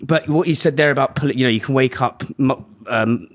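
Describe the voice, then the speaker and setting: A man's voice: mid-range voice, fairly quick. A man with a mid-range voice hosting a podcast. He speaks in a laid-back, chatty way and swears freely. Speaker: podcast host. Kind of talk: casual podcast conversation.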